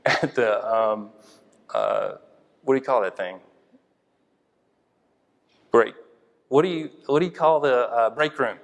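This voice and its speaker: A man's voice: medium pitch, very animated, slow pace, vocal fry, pauses often. A man preaching an informal sermon in a conversational way, thinking aloud with many fillers and restarts. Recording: long hall reverb.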